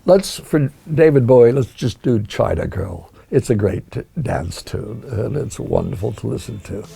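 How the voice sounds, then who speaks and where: Older man, interview guest, gravelly and husky, reflective and rambling. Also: mid-range voice, expressive, normal speed, dark tone. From United States. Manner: reflective, musing, with frequent restarts. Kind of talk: reminiscing interview talk.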